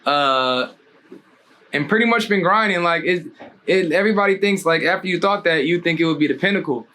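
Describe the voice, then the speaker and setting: A man from Harrisburg, Pennsylvania, a clothing designer telling stories as a guest in a casual interview, slangy and animated, jumping his pitch up to act out quotes. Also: a little fast, slight background noise.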